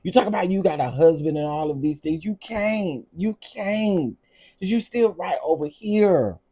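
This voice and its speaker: A man hosting a casual vlog, ranting in an animated, repetitive, exasperated way. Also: sits high, measured pace, breathy edge. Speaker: vlog host.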